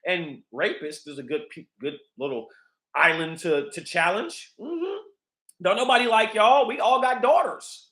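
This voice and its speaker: A man's voice: high voice, measured pace, sharp tone, echoey room. A man hosting a livestream, ranting in a heated, profane, repetitive way. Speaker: livestream host.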